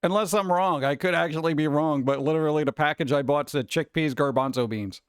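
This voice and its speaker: A man's voice: on the high side, brisk, smooth, no echo, studio quality. A man hosting a casual stream and reading viewer comments, rambling and joking about himself. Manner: rambling, joking, self-deprecating. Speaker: streamer host.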